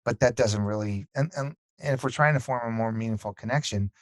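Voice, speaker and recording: A man's voice: medium pitch, fairly quick, no room sound. A man telling a story in a casual podcast conversation, acting out what people said. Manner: animated storyteller, acts out quotes. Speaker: podcast guest.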